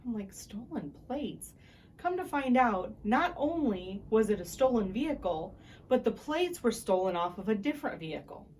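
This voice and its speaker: A woman's voice: a little high, normal speed, slight background noise. Woman vlogger retelling a car crash. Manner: animated retelling, acting out quoted voices. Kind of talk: casual storytelling to camera.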